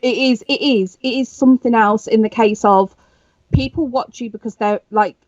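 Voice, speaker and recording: A woman's voice: fairly high pitch, normal speed, a little mellow, no room sound, dull audio. A woman hosting a podcast in casual chat, earnest and repeating herself as she searches for words. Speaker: podcast host.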